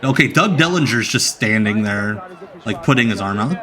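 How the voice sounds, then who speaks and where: A man's voice: on the low side, expressive, moderate pace, sharp tone. A young man hosting a live watch-along stream, joking and enthusing about the match. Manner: jokey, enthusiastic banter. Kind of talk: casual watch-along commentary.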